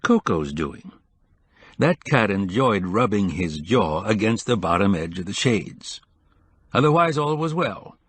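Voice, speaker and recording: A man reading an audiobook in a measured, even scripted narration. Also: lowish voice, husky.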